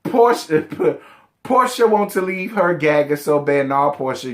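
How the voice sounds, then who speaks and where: A man's voice: fairly high pitch, normal speed. Sassy, blunt man recapping reality TV. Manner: sassy, blunt, profane, addresses cast members directly. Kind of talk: casual reality show recap commentary.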